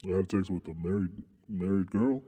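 A young man from Southern California, co-hosting a crude podcast in a halting, deadpan way and repeating words as he goes. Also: sits low, husky. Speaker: podcast co-host. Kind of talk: crude casual banter. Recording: long reverb.

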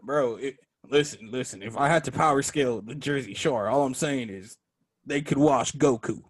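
Dude rambling on a podcast, lots of "like" and "bro", keeps cracking up. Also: male voice, mid-range voice, normal speed, breathy edge. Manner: slangy, laughing, rambling with many fillers. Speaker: podcast co-host. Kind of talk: casual podcast chat.

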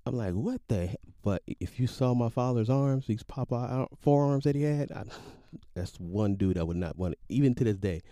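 A man in his late forties casually telling a personal story, animated and slangy, with sound effects. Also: medium pitch, normal speed, dry recording, clean studio sound. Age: 40s. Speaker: podcast storyteller.

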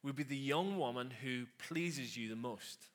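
A man's voice: medium pitch, a little slow, fairly bright tone. A man preaching a conversational sermon, with sarcastic asides and frequent questions to the listeners.

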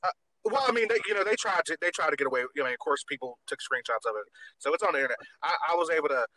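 A man's voice: on the high side, lively intonation, racing, sharp tone, no echo, low-quality recording. A man hosting a podcast in casual chat, campy and gossipy, swearing freely. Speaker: podcast host.

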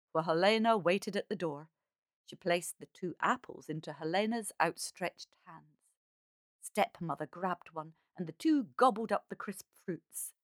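A woman reading a fairy tale aloud as a calm, measured storyteller. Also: lowish voice, no room sound, clean studio sound.

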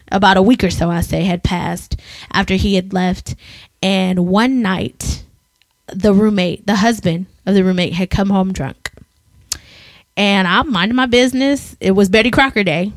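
A woman's voice: medium pitch, no room sound. Dry-voiced woman telling a story with verve. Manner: animated storyteller acting out quoted voices. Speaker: podcast co-host. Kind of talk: casual chat.

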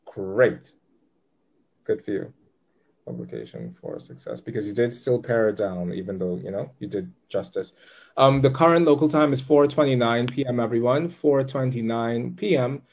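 Man, tarot reader mid-session, mellow warm tone, chatty and upbeat, walks the client through each step. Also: medium pitch, moderate pace. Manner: upbeat, chatty, gives patient step-by-step directions. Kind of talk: live tarot reading session.

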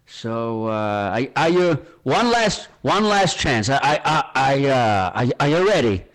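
A man's voice: mid-range voice, very animated, measured pace, a bit bright. A man voicing a rambling older male boss with an American accent, drawling and full of fillers. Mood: pompous.

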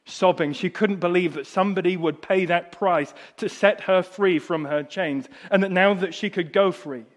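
A middle-aged man preaching a sermon, telling a story that drops soft and low and then rises loud and high. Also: normal speed, hardly any pauses. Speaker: pastor.

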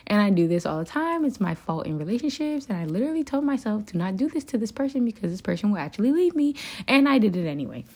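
A woman's voice: medium pitch, sing-song, fast talker, a little mellow. A young woman in a confessional solo monologue, venting and rambling with lots of swearing and filler words. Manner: frequent fillers like "like" and "um". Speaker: podcast host.

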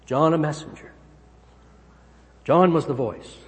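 Male pastor, somewhat high voice, emphatic sermon delivery, long hall reverb. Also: a little slow. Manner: emphatic, swinging pitch and volume.

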